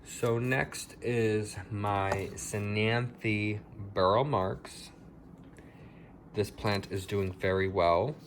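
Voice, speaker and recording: Slow-talking man giving a chatty plant tour. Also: fairly low pitch, fairly even intonation, background noise. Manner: chatty, dramatic about his plants. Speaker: plant vlogger. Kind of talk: casual house plant tour. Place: home with plants, indoors.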